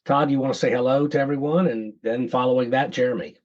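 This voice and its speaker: A man's voice: medium pitch, fairly even intonation, fast, darkish tone. Man hosting a podcast, dull audio. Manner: loose, with frequent restarts. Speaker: podcast host. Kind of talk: casual podcast chat.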